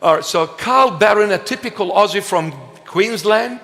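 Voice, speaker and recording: A man preaching a sermon as a bishop, emphatic and slow, with playful asides to the congregation. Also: high voice, creaky, fairly bright tone. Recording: long reverb of a large hall.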